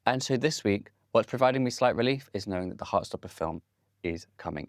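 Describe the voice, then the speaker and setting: A man's voice: lowish voice, brisk, no echo, clean studio sound. A man in his late twenties hosting a comedic monologue with camp, playful, theatrical asides. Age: late 20s. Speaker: host.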